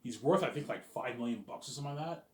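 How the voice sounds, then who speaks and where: A man's voice: medium pitch, quick pace, darkish tone. A man vlogging in a casual rambling monologue, full of fillers, restarts and the odd curse word. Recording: roomy echoing room.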